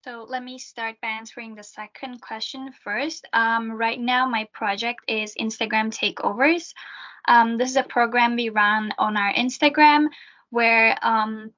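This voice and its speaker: Heard on a dull, lo-fi recording, a young adult student peer helper responds to interview questions in a talkative way full of fillers. She speaks a little slowly with a fairly high, sharp voice and fairly even intonation.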